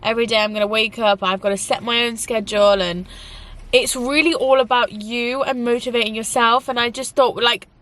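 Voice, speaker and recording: A woman's voice: on the high side, steady tone, fairly quick, fairly bright tone. Young woman rambling in a casual vlog. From England. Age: young adult. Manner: rambling, emotional, many "like" fillers. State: tearful at times. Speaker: YouTuber.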